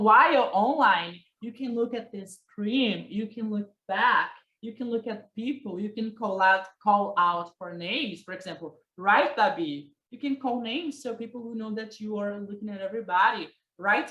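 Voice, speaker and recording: A woman teaching presentation skills in a workshop, lively and talking straight to her listeners while she acts out examples. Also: on the high side. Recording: echoey room.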